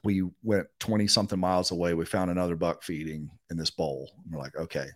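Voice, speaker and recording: Man, middle-aged, low voice, casual podcast guest, animated storyteller, acts out quotes. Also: fast talker. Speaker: interview guest.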